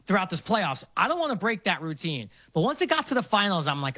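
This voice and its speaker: Bright-voiced Brooklyn man telling stories. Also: fairly high pitch, no echo. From Brooklyn, New York. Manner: animated storytelling, quick laughs. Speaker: guest. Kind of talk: casual interview chat.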